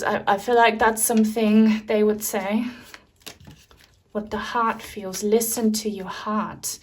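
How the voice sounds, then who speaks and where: A woman giving a pick-a-card tarot reading to camera, speaking softly with many pauses and fillers and sounding moved. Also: medium pitch, little pitch movement, slight background noise. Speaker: tarot reader.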